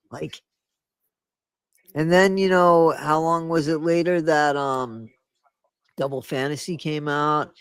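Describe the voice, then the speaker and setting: A man in his sixties tells memories in a candid conversation, emphatic and casually profane. His voice sits a bit high. The sound is dry, with little room echo. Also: vocal fry, pushed and bright, clear, resonant tone. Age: 60s. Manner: emphatic, interrupts, swears casually. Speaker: podcast co-host.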